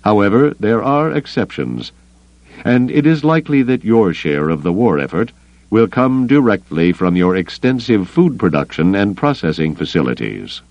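A man voicing a cold, calculating grand admiral who speaks in a measured, controlled way. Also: fairly low pitch, sing-song, no room sound, dull audio, pitched above the performer's own voice. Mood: coolly commanding.

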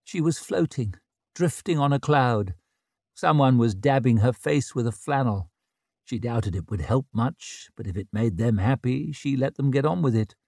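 A man reading a novel aloud in a measured, low-key storytelling voice. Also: expressive, gravelly, darkish tone, no echo, studio quality. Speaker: audiobook narrator. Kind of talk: scripted narration.

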